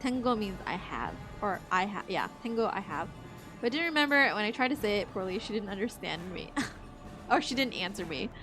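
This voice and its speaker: A woman's voice: medium pitch, big pitch swings, fairly quick, music in the background. A young woman streaming a game, chatting casually, joking, swearing freely and laughing often. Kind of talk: casual chat while gaming.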